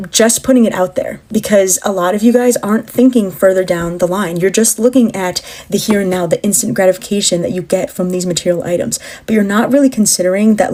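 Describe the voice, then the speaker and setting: A woman speaks straight to her viewers, warning and lecturing them in a firm, steady way. Her voice is dark and mellow, sitting at an average pitch. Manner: direct, admonishing, addresses viewers. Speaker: social media commentator.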